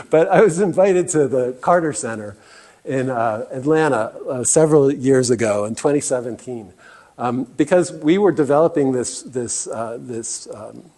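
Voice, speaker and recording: A man's voice: medium pitch, dark tone. A man giving a presentation talk as guest speaker, earnest and often restarting with fillers. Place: meeting room.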